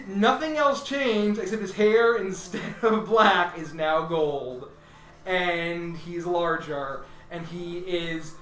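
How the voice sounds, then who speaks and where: A man's voice: a little high, a bit bright. A man narrating as game master in a loose, laughing way with many fillers, recorded far from the mic in an echoey room.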